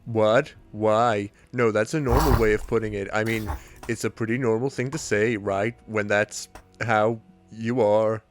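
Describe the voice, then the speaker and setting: A man's voice: on the low side, steady tone, measured pace, slight background noise, lightly acted. A man reading the lines of an earnest, somewhat awkward teenage boy, in a plain, sincere way. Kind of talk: comic reading of a webcomic.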